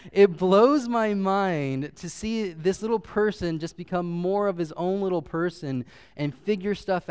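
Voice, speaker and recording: A man's voice: a little high, smooth. A man in his thirties telling personal stories in a casual, chatty way, with fillers and light laughs, turning heartfelt. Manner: heartfelt, chokes up when sentimental. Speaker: speaker sharing a personal story.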